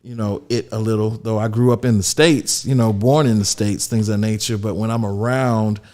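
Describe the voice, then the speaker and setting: A man from Florida hosting a casual chat about TV shows, relaxed, with lots of fillers and "you know". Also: on the low side, normal speed. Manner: laid-back, many fillers and "you know". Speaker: host.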